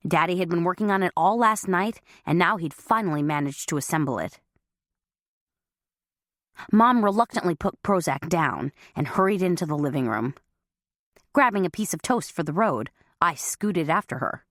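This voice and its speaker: A woman's voice: deep voice, lively intonation, normal speed, dry recording, clean studio sound. A woman reading a first-person audiobook, with a wry, self-mocking manner. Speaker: audiobook narrator.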